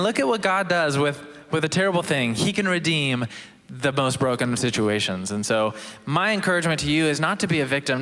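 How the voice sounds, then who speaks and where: A man's voice: on the high side, sharp tone. A young man giving a casual, joking testimony talk as a chapel guest speaker. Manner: casual, joking, self-deprecating. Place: university chapel. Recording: long hall reverb.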